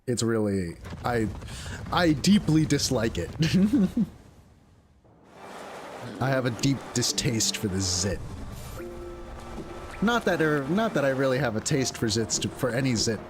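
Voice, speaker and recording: Young guy chattering over game music, voice bouncing all over, laughs a lot, says like constantly. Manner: rambling, chatty, laughs often, full of filler words; jumps into high squeaky voices when quoting others. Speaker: streamer. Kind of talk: casual gameplay commentary.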